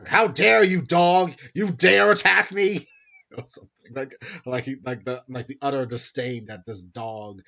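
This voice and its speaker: Low-voiced man rambling through a recap. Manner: rambling, profane, self-correcting. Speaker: podcast host. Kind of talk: casual plot recap. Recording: dull lo-fi sound.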